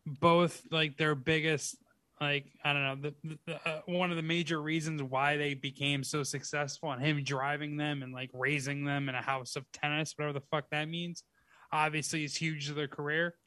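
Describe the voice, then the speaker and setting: A man with a bright, forceful voice chats casually and bluntly, swearing and padding his thoughts with fillers. He sounds close to the mic in a dry space. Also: a little high, flat delivery, moderate pace, dry recording. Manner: blunt, profane, hedging with fillers. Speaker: podcast co-host. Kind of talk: casual chat.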